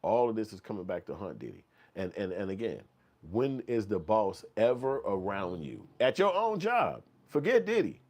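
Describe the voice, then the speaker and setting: A man with a deep, low voice holds forth in casual commentary. He tells it as a vivid story aimed at the listener, swearing freely and now and then acting out other voices. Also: huge pitch swings, moderate pace, slightly rough. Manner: profane, vivid storytelling with second-person address; acts out quoted voices, sometimes yelling high. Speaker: channel host commenting on news.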